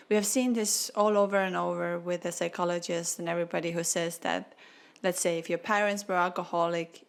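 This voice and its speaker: A woman with a fairly low, creaky voice hosts a spiritual podcast. She speaks earnestly and from the heart, with non-native phrasing, and sounds tearful, near crying.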